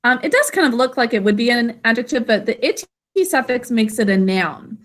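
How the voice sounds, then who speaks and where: A woman's voice: fairly high pitch, animated, fairly bright tone. A woman teaching an online literacy lesson over a video call, sounding words out carefully syllable by syllable. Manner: slow, careful syllable-by-syllable enunciation.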